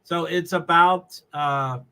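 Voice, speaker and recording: A chatty man from New England talks off the cuff on his livestream, wandering between thoughts and laughing often. His voice sits high for a man, with a bright, forward edge. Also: steady tone, slow, clean tone, rough recording. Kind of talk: casual live commentary while watching a race.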